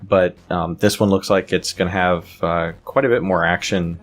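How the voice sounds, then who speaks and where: A man co-hosting a gaming podcast, laid-back and a bit halting as he runs through new releases. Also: sits low, steady tone. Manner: laid-back, hesitant with fillers. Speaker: podcast co-host. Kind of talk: casual chat.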